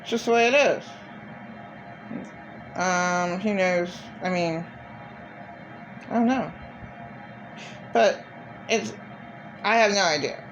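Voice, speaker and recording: A woman's voice: on the low side, takes it slowly, long pauses, a little hiss or hum, rough recording. A middle-aged woman vlogging in a blunt, profane, repetitive rant. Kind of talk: casual monologue.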